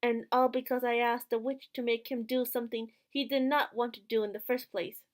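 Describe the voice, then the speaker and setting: Woman let's play host, high voice, reads narration, cracks jokes. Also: steady tone, a little fast. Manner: narrating in first person, joking asides. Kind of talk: reading and commenting on a visual novel.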